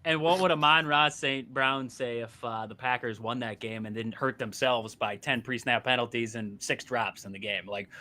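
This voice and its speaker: A man co-hosting a sports podcast, talking in an animated, exasperated way and laughing often. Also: mid-range voice. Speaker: podcast co-host. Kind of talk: casual sports chat.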